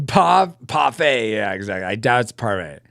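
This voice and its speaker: A man's voice: mid-range voice, very animated, moderate pace, gravelly, a bit bright, no echo, studio quality. A man live-streaming while drawing pixel art, chatting casually and joking about himself to his viewers. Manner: chatty, self-mocking, talks to chat.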